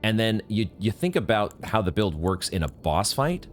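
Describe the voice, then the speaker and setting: A man playing a video game and commenting as he goes, swearing often and jumping up into high, angry yelling when things go wrong. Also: sing-song, moderate pace, soft background music. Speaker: gaming streamer. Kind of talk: live gameplay commentary.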